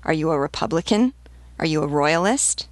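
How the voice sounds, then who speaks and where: A woman voicing a haughty old male French nobleman on the run, speaking with grave calm. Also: sits low, moderate pace, no echo. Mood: questioning.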